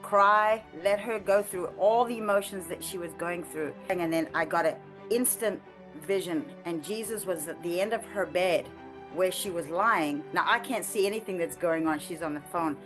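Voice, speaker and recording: A woman sharing a personal prayer testimony in an earnest, halting way, with frequent restarts and light laughter. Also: fairly low pitch, music in the background. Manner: halting, with many restarts and fillers. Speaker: ministry trainee sharing a testimony. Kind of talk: conversational testimony.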